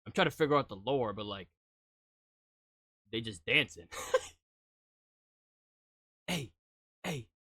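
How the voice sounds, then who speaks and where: Guy streaming a reaction, super lively voice that jumps all over, dry close sound, teasing and joking around. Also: medium pitch, moderate pace, pauses often, dry recording. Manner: teasing and joking, with sudden loud jumps and laughter. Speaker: streamer reacting to music videos. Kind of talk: casual live-stream reaction.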